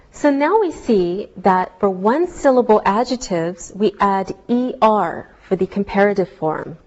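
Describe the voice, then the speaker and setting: A woman teaching a scripted English lesson, speaking slowly and carefully so learners can follow each word. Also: mid-range voice, darkish tone, lo-fi sound. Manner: slow, clearly spelled-out teaching delivery.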